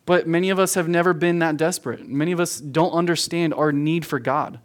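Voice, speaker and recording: Youth pastor guy preaching, kinda high voice, really earnest, keeps repeating stuff for emphasis. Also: steady tone, brisk. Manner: earnest and emphatic, repeats phrases for stress, addresses listeners as "guys". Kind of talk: verse-by-verse sermon to a youth group. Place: room with a youth audience.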